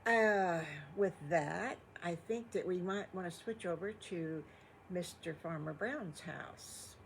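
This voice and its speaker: A woman's voice: lowish voice, takes it slowly, gravelly, a little hiss or hum, low-quality recording. An older woman telling improvised children's stories, folksy and rambling. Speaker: grandmother storyteller. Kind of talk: improvised bedtime storytelling.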